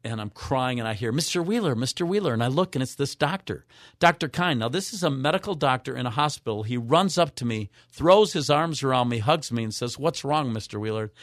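A man of mature years, a radio show guest, earnestly telling a personal story with halting restarts. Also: mid-range voice, expressive, no room sound, studio quality. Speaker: guest, author.

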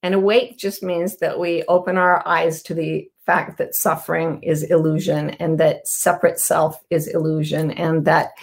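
A woman's voice: deep voice, darkish tone. Woman hosting a heartfelt spiritual talk. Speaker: host. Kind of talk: casual spoken reflection to an online audience.

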